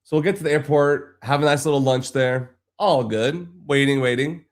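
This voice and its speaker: A man's voice: medium pitch, moderate pace. A man casually telling a long, frustrated story on a live stream, rambling and swearing freely.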